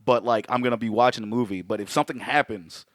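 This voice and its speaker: A man's voice: medium pitch, fast, a bit bright, no room sound, clean studio sound. A man co-hosting a podcast, telling stories in casual chat, swearing freely and laughing often. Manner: profane, storytelling, laughs often. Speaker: podcast co-host.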